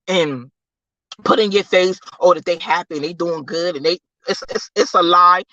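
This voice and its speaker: A livestream host giving an emphatic, repetitive faith-based pep talk, calling listeners "baby" and swinging from low, slow murmurs up to high, loud bursts. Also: no echo. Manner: preachy, emphatic, repeats phrases, calls listeners baby.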